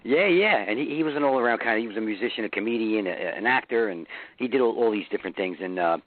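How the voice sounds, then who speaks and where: New York man, rapid and foul-mouthed radio guest, thin phone-line sound. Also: lowish voice, lively intonation. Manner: loose, profane, laughs often. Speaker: guest musician. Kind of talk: casual radio interview chat.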